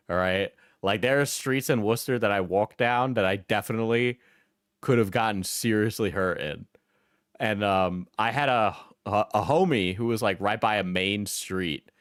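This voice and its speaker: A man's voice: on the low side, no echo, studio quality. A man in his twenties, a live streamer, chatting casually and telling rambling stories with lots of slang and swearing.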